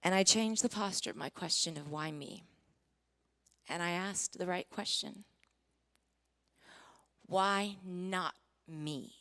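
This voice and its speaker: A woman's voice: on the low side, moderate pace, bright, forceful tone. Emotional woman giving a testimony. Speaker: Christian singer giving a testimony. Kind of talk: sermon testimony to a live audience.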